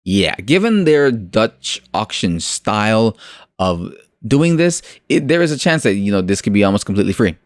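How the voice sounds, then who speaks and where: A man's voice: lowish voice, very animated, normal speed, no echo, studio quality. A man hosting a crypto video channel, giving casual commentary full of jokey, sarcastic asides and fillers.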